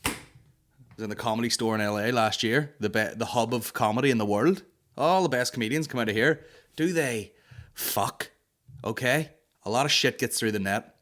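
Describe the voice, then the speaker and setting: A man's voice: mid-range voice, normal speed, a bit bright. A man with a Northern Irish accent hosting a comedy podcast, telling sweary, rambling stories and slipping into put-on voices. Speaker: podcast host. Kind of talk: casual comedy monologue.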